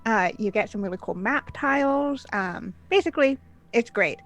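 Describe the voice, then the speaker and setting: A woman's voice: fairly high pitch, expressive, normal speed, a bit bright, faint music behind. Upbeat woman hosting a game stream. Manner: upbeat, frequent "uh" fillers. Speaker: game master. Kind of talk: stream intro and announcements.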